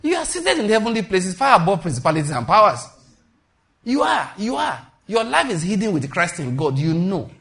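A man's voice: high voice, big pitch swings, fairly quick, fairly bright tone. A man preaching a sermon in an emphatic, repetitive style, calling out to his congregation. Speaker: pastor.

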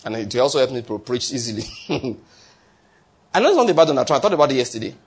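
A man's voice: mid-range voice, very animated, very fast, husky. A man preaching a sermon with emphasis, repeating key phrases and sometimes stumbling over his words. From not from the United States.

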